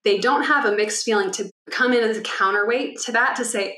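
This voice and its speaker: Bright-voiced woman podcast co-host. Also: a little high, a little fast, reverberant. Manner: animated, acts out children's voices. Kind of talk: casual explanatory chat.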